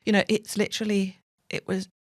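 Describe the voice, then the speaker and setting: A woman's voice: mid-range voice, level tone, fairly quick, no echo, clean studio sound. A woman co-hosting a podcast in casual talk, agreeable, often saying yeah and using fillers like you know and um. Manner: agreeable, many fillers and yeahs. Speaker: podcast co-host. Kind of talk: casual chat.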